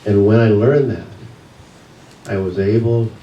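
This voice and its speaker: A man who teaches yoga, giving a church message as a personal story, told with pauses and soft laughs. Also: fairly low pitch, lo-fi sound, slight background noise. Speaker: guest speaker, yoga teacher. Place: church sanctuary. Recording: echoey hall, mic from a distance.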